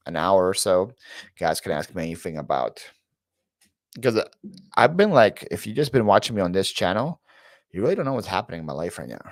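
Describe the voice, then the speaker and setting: On a live Q&A stream, a reseller YouTuber chats casually, calling out viewers' names from the chat and wandering into long stories packed with "like," fillers, and restarts. His voice is low and gravelly. The audio is close and dry, with no room sound at all.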